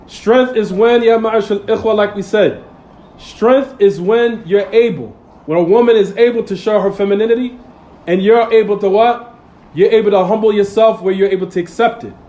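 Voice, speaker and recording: A man with a high, darkish voice preaches a Friday sermon, the recording's highs cut off. He talks in casual street English, quizzing listeners with rhetorical "what?" questions and acting out everyday moments.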